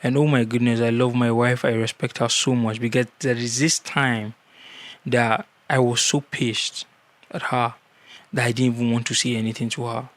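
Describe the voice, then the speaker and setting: A man's voice: mid-range voice, little pitch movement, normal speed, a bit bright. Earnest man giving advice. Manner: earnest, repeats key words for emphasis. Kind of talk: casual advice vlog.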